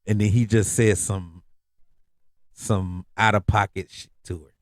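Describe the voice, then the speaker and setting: A man's voice: lowish voice, fairly even intonation, measured pace, dry recording, studio quality. Laid-back slangy man telling a story. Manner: laid-back, slangy, repeats phrases for emphasis. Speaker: podcast host. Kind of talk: casual storytelling monologue.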